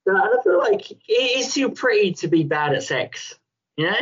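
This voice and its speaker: A man's voice: high voice, lively intonation, moderate pace, fairly bright tone. A man chatting casually on a podcast, rambling and playful, often laughing. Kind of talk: casual chat. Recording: dull lo-fi sound.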